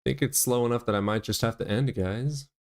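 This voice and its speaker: A man's voice: medium pitch, quick pace, creaky. A man hosting a livestream in a casual, provocative, crude way. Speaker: livestream host.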